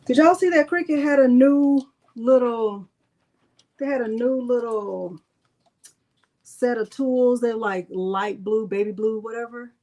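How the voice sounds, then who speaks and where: A middle-aged woman hosts a crafting livestream, chatting casually with viewers she calls y'all, teasing herself and muttering as she works. Her voice is fairly high, warm and measured in pace.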